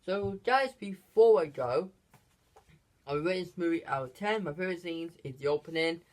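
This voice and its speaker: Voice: mid-range voice, expressive, moderate pace. Rambling, giggly movie reviewer. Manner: rambling, with many fillers and restarts; giggles often between phrases. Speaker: movie reviewer, channel host. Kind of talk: casual unscripted movie review.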